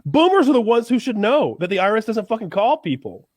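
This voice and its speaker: A man with a slightly raised voice tells a story with animated energy. He laughs often and acts out the other people's lines. The sound is dry and close. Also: high voice, fast, no room sound. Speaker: podcast host. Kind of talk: casual chat.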